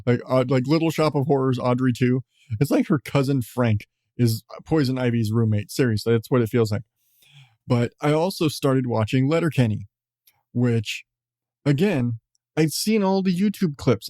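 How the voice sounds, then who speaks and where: Mellow-voiced rambling podcast host guy. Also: mid-range voice, no echo, studio quality. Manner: rambling, profane, chuckling. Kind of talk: casual chat.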